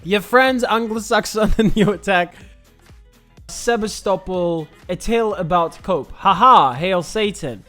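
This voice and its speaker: A young man with a Ukrainian accent, his first language Russian, riffs on memes in a loose, chatty way, laughing often and swearing freely. His voice sits high for a man. Faint music plays softly underneath. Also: unhurried. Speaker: meme reviewer. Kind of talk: casual reaction commentary.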